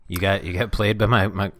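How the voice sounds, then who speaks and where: A man's voice: lowish voice, normal speed, fairly bright tone, a little hiss or hum. A young man co-hosting a casual podcast, trading dry teasing banter. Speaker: podcast co-host. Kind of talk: casual chat.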